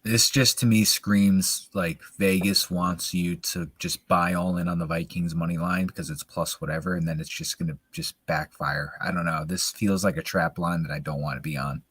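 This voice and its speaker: A man with a very deep, husky voice co-hosts a casual sports chat. He talks through his picks in a relaxed, hedging way with a wry edge. The sound is dry. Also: moderate pace, few pauses, no room sound. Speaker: podcast co-host.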